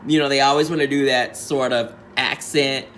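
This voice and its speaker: A man's voice: medium pitch, steady tone, normal speed, fairly bright tone, slight background noise. A man hosting a casual recap, talking with sassy, profane drag slang and acting out quotes in changed voices. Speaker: reality show recap host.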